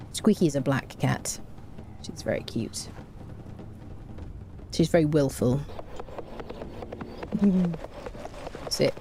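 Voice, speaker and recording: A woman with a deep, dark-toned voice streams a game live, chatting casually with viewers and humming little tunes to herself, with slight background noise.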